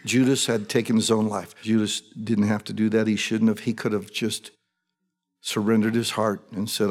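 A man's voice: on the low side, little pitch movement, normal speed, long reverb tail. A man preaching a sermon as pastor, telling the story conversationally and acting out the people in it.

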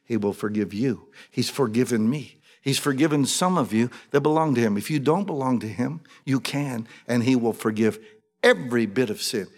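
Pastor with booming hall reverb. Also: male voice. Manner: conversational storytelling, acting out quoted voices. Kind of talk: sermon.

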